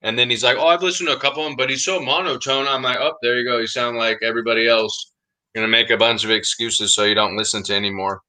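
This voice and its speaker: Insistent bright-voiced man. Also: medium pitch, fairly even intonation, quick pace, poor audio. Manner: emphatic, insistent, says "dude" a lot. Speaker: podcast co-host. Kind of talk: casual chat.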